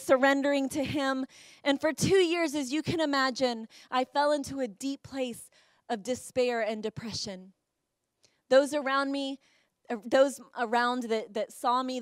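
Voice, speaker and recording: A woman's voice: sits high, a bit bright, no room sound, studio quality. A woman pastor preaching a sermon, telling a personal story with rising passion. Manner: impassioned storytelling, rising to emotional peaks. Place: church.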